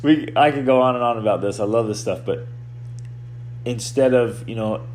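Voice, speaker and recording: A man hosting a podcast as a coach, giving a motivational talk in an animated way, often restarting and repeating words. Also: medium pitch, normal speed, a little hiss or hum.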